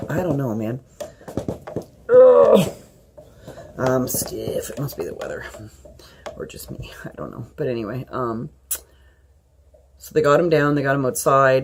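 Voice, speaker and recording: A woman in her fifties telling a personal story in a vlog, rambling and halting, with many fillers. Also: very deep voice, a little mellow, a little hiss or hum. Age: 50s. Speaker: vlogger.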